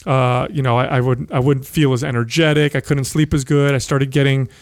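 A man hosting an interview, asking questions in a relaxed, conversational way and sharing his own experience. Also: medium pitch, a little fast, no room sound, studio quality. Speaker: interviewer host.

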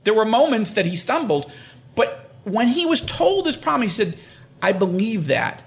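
Animated man explaining scripture. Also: very high voice, normal speed. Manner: animated, acts out quoted prayers and God's words; emphatic, repeats phrases for stress. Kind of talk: conversational interview.

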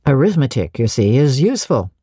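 A woman doing a brusque, commanding gentleman. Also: extremely low pitch, very animated, fairly quick, slightly rough, no room sound, studio quality, exaggerated voice. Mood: imperious. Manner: curt, imperious questioning.

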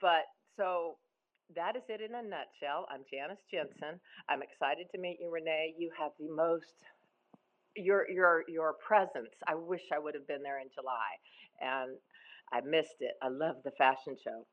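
A woman's voice: sits low, moderate pace. Emotional woman from Texas, phone-like sound. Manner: emotional, rambling, enthusiastic. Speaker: speaker sharing her story. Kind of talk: casual sharing in an audio chat room. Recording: phone-like line.

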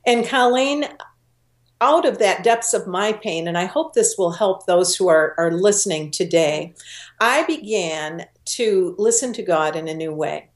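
Earnest older woman in a roomy space. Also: fairly low pitch. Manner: earnest, emotional, slows down for emphasis. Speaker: guest. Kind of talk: personal storytelling interview. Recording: roomy echo.

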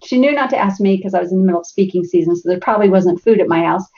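A middle-aged woman telling lively family stories as a podcast guest, acting out the voices of her family. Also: medium pitch, racing, dull audio. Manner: animated storyteller, acts out family members' voices. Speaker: guest speaker. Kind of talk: storytelling in a podcast interview.

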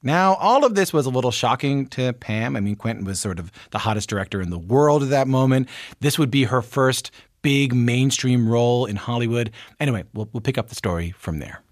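A man's voice: mid-range voice, lively intonation, fairly quick, dry recording, clean studio sound. A man hosting a radio show, setting up a story in a conversational way. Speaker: radio host.

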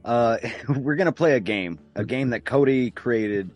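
A man's voice: medium pitch, a little slow, muffled recording, faint music behind. A man hosting a podcast in casual chat, laid-back and joking as he introduces a game. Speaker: podcast host.

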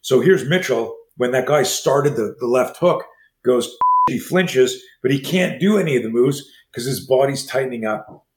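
A man in his sixties who teaches martial arts, telling stories as an interview guest and acting out the dialogue in quick, animated bursts. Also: medium pitch, heavy background noise. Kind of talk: storytelling in a conversation. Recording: roomy echo.

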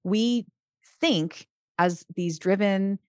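Woman, middle-aged, Christian life coach, earnest, animated, restarts sentences, dry close sound. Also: medium pitch, extremely slow, dry recording. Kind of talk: casual podcast conversation.

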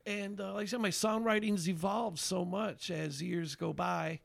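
A man, a songwriter and bandleader, chatting casually as a podcast guest, telling stories in an animated, rambling way with lots of fillers and restarts. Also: high voice, a little slow, creaky, no echo. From Albany, New York area. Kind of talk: casual chat, storytelling.

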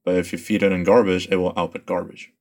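A man who is a company executive, answering in a measured way over a remote interview. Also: low-pitched, flat delivery, a little mellow. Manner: measured, with fillers.

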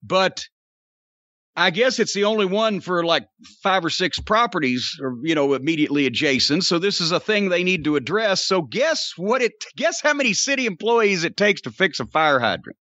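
An older man rants on a podcast in a high, bright voice, swearing freely and sarcastic throughout. The sound is dry and a little dull, close and without room echo. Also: big pitch swings, normal speed. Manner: profane, ranting, sarcastic storyteller. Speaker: podcast host. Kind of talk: casual podcast rant.

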